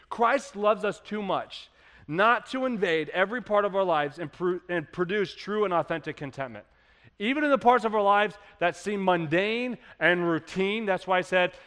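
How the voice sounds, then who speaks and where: A man in his thirties preaches a sermon in a high, light voice. He talks to the room conversationally and then builds to emphatic peaks. His voice rings out in a church hall with a long reverb. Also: fairly bright tone. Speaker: pastor.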